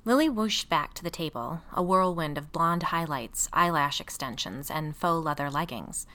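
A woman reading a first-person story aloud in a wry, expressive way, casually profane. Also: deep voice, normal speed, few pauses. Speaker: audiobook narrator.

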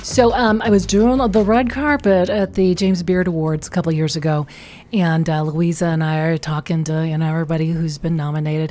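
A woman from Chicago, a podcast guest, telling lively anecdotes in casual chat and acting out what people said. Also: on the low side, a little fast.

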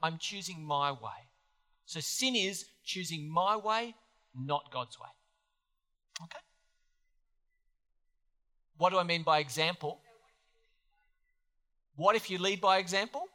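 A man preaching a sermon as pastor in a church, earnest and animated, putting questions to the congregation. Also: high-pitched, slow pace, pauses often. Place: church hall. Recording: long hall reverb.

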